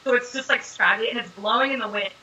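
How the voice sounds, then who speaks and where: A young woman being interviewed as an actress, chatting casually and telling animated stories full of fillers. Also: on the high side, quick pace, rough recording.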